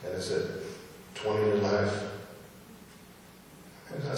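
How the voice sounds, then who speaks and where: A man's voice: fairly low pitch, completely flat delivery, slow pace, long pauses, darkish tone, a little hiss or hum. Earnest man testifying in an echoing church. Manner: earnest, repetitive, emotional. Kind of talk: personal testimony to a congregation. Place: church sanctuary. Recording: echoey hall from far off.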